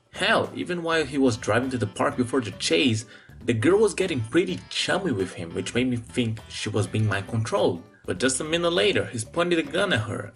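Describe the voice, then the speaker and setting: A movie reviewer talking through a film with sarcastic commentary. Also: medium pitch. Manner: sarcastic, animated.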